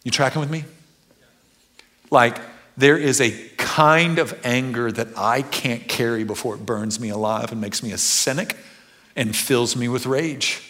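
A man preaching a sermon, moving from hushed, humble prayer to loud, emphatic preaching, with a chatty, conversational manner. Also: medium pitch, unhurried. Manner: conversational, with restarts and asides. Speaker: pastor.

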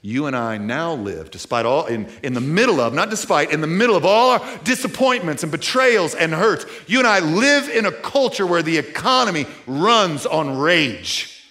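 A man preaching a sermon to a church audience in a casual, conversational way, full of fillers, swinging from loud to hushed. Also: a little high, sing-song, moderate pace. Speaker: pastor.

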